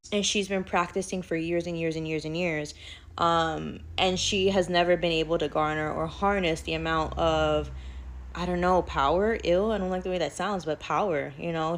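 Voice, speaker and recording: A woman casually telling a personal spiritual story, chatty and rambling, peppered with "like.". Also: lowish voice. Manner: chatty, rambling, heavy use of "like".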